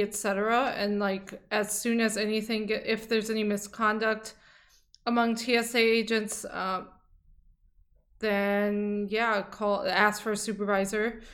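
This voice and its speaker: A woman's voice: medium pitch, a bit bright. A woman from Saudi America co-hosting a podcast in an earnest, chatty way. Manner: earnest, supportive, chatty with fillers. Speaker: podcast co-host. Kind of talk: casual chat.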